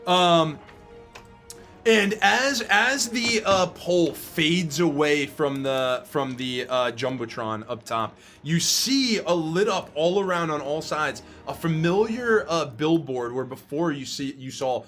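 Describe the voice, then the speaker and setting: A man running a tabletop game, narrating slowly and haltingly. His voice sits a little high. Faint music plays underneath. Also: a bit bright. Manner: halting, descriptive. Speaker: game master.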